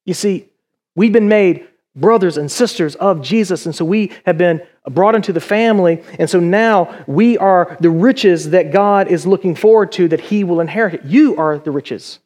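A man's voice: high-pitched, moderate pace, darkish tone. A middle-aged male pastor preaching a conversational sermon in a church, full of rhetorical questions.

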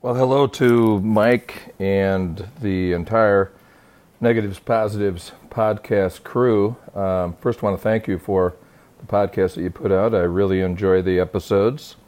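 An older man from Minnesota recording a call-in camera review, friendly and unhurried with frequent pauses and fillers. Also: fairly low pitch, steady tone, darkish tone. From Minnesota, USA. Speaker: caller.

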